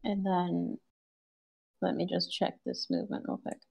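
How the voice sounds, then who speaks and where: Gravelly-voiced woman player thinking aloud. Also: on the low side, very animated, a little mellow. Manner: quick, thinking aloud about moves. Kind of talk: casual tabletop play.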